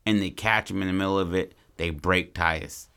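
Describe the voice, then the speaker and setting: A man's voice: deep voice, fairly even intonation, moderate pace, gravelly, pushed and bright, smooth. A man co-hosting a podcast, brainstorming a story in casual, rambling, profane chat. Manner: rambling, profane, acts out characters. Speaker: podcast co-host.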